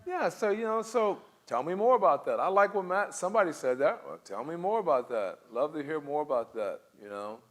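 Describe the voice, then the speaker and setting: A man leads a church group discussion in a lively voice that swings up and down. He laughs often and acts out sample replies as he goes. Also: a little high, a little fast, hardly any pauses. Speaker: church class leader.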